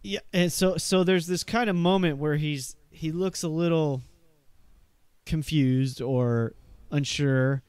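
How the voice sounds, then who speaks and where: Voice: mid-range voice, takes it slowly, darkish tone, smooth, dry recording. A game master running a tabletop game, narrating with many hesitations and fillers.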